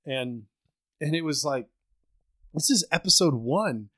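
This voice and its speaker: A man chats on a podcast from a home microphone over a remote call. He rambles and pokes fun at himself, filling gaps with "like" and "um". His voice sits a little high for a man. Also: animated, a little slow, fairly bright tone. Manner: rambling, self-deprecating, many fillers. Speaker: podcast co-host. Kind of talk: casual chat.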